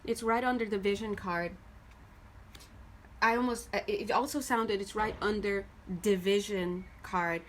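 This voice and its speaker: A woman giving a casual tarot reading to her viewers. She is chatty and animated, often laughing as she goes. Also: mid-range voice, measured pace, a little hiss or hum. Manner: addresses viewers directly. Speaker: tarot reader.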